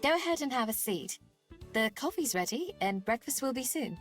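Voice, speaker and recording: A streamer voicing a kind, motherly woman in a visual novel who is cooking breakfast, with a gentle, welcoming manner. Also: medium pitch, sing-song, moderate pace, soft background music, pitched above the performer's own voice.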